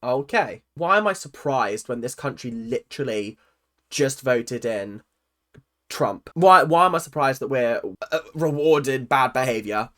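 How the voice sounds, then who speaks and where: A woman's voice: very deep voice, measured pace. Sarcastic British woman reacting to TV. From United Kingdom. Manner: expressive, sarcastic, swears freely. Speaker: reaction video host. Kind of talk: casual reaction commentary.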